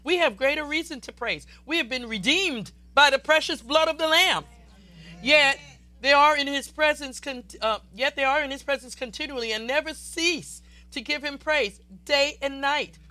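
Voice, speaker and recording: A woman preacher delivering a fervent, exuberant sermon that swells into loud declarations. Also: high voice, moderate pace.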